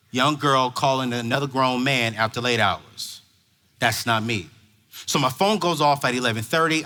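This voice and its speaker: A man who is a youth pastor, telling a story in a dramatic and animated way during a motivational talk. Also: mid-range voice.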